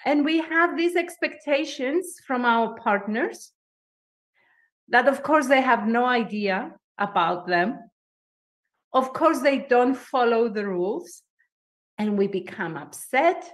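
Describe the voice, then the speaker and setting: A woman speaking with a foreign accent as a guest coach in a podcast interview, animated and emphatic, laughing often. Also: a little high, slow pace.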